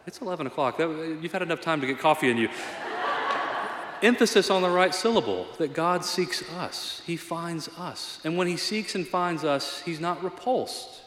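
Echoey hall reverb fills this recording of a man preaching in a church sanctuary. His fairly high, fairly bright voice is animated and moves at a normal speed, and as a pastor he sounds earnest and conversational, sometimes poking fun at himself.

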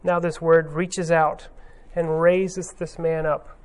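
A man's voice: fairly high pitch, level tone, slow pace. Man preaching with lots of ums. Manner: conversational, many ums and uhs, retells scenes with quoted lines. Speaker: pastor. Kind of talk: informal sermon.

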